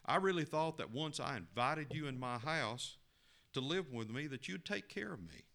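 A man's voice: animated, moderate pace, bright, forceful tone. A man doing a pleading distressed young man. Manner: pleading, raises pitch into a strained higher voice.

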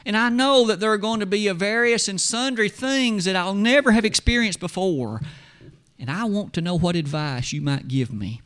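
A man acting out an eager young male student who asks Jesus for advice, earnest and excited. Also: high-pitched, moderate pace, clean tone, pitched above the performer's own voice.

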